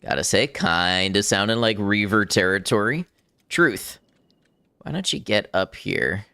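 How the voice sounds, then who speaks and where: A man's voice: lowish voice, expressive, measured pace, bright, forceful tone, smooth, no room sound. A man casually commenting on his game as he plays, thinking aloud and chuckling often. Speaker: gaming streamer. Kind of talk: casual let's-play commentary.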